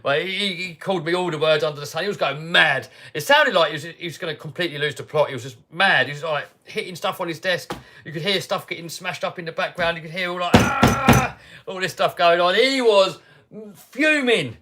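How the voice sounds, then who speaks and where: British bloke on a live stream, kinda high voice, chatty storytelling that jumps from mumbly to loud. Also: male voice, brisk, slight background noise. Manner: animated, swings between mutters and loud outbursts. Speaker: livestream host. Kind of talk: casual storytelling.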